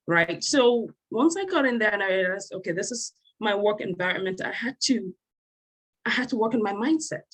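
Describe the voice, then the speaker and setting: A woman from Africa speaking as a panelist on a video call, emphatic and building to animated peaks. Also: medium pitch, husky, poor audio. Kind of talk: passionate panel discussion.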